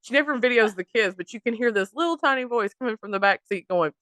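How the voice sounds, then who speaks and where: A woman's voice: a little high, animated, fairly bright tone, no room sound. A woman co-hosting a podcast in casual chat, retelling stories and laughing along. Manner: chatty, quick to laugh along. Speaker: podcast co-host.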